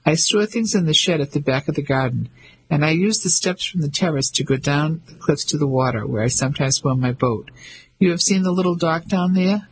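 A man's voice: fairly high pitch, brisk, a little hiss or hum, close to an everyday voice, poor audio. A man doing a cocky, teasing fisherman. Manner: mocking, confident. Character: cheeky teasing male fisherman, self-assured.

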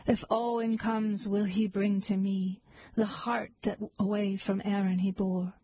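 A woman reading poems aloud in a slow, measured, lilting recitation. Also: medium pitch, level tone, warm tone, breathy edge, low-quality recording. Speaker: poetry reader.

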